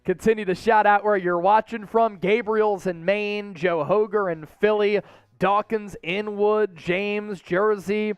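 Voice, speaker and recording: A man hosting a live sports draft stream, talking straight to his chat in an excitable, casual way. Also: high-pitched, measured pace, clean tone, no echo. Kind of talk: live-stream commentary, chatting with viewers.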